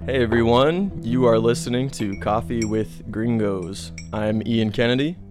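A man from the United States co-hosting a podcast, talking in a relaxed, conversational way and explaining things plainly. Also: medium pitch, measured pace, over music. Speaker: podcast co-host. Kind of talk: casual chat. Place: Santiago, Chile.

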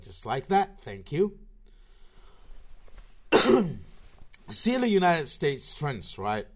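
A man hosting his own podcast, rambling through sarcastic, profanity-laden commentary with a slurred, low-energy delivery. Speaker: podcast host.

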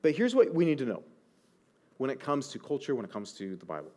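A man in his thirties preaching a sermon as a pastor, conversational and animated, often asking the listeners rhetorical questions. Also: mid-range voice, quick pace.

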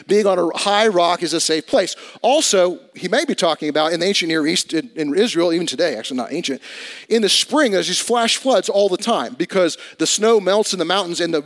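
High-voiced preaching man with big swings. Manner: conversational preaching with dramatic swings in volume and pitch. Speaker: pastor. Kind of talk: sermon.

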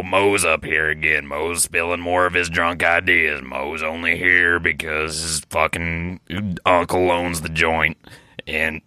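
A man voicing a drunk, rambling male beer company boss who keeps clearing his throat and apologizing. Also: low voice, sharp tone, no echo, studio quality, exaggerated voice. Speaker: podcast co-host doing improv. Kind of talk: improvised comedy character.

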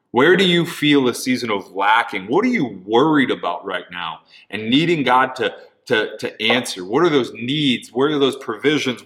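A male pastor delivers a sermon in a bright, ringing voice. He talks earnestly and conversationally to his listeners, doubling words as he goes and often dropping into quieter asides. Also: mid-range voice. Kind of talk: sermon with object lesson.

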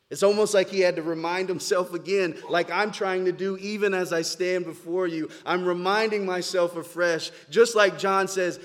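A man preaching a sermon, moving between quiet, reflective stretches and loud, emphatic declarations. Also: on the high side, moderate pace, few pauses, in a large hall. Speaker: pastor. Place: church sanctuary, standing before a congregation.

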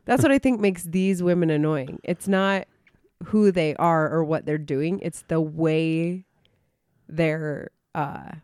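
A woman co-hosting a casual podcast, her voice sitting fairly low for a woman. She talks in an opinionated, animated way and laughs easily. The recording is dry and close. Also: takes it slowly, clean tone, dry recording. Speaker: podcast co-host. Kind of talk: casual chat reviewing an old radio show.

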